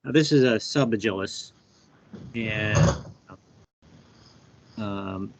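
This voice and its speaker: A man's voice: lowish voice, takes it slowly, vocal fry, a little hiss or hum. A man hosting a live bee workshop on a video call, chatty and thinking aloud as he shows specimens. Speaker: workshop host. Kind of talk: live online workshop teaching. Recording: dull, dry video call audio.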